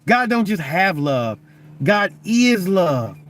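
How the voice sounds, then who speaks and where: A man's voice: high voice, very animated, slow pace, fairly bright tone, a little hiss or hum. A young man preaching in a casual, conversational way, often stammering and repeating words as he presses his point. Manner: loose, conversational, keeps asking "you know what I'm saying". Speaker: Christian vlogger.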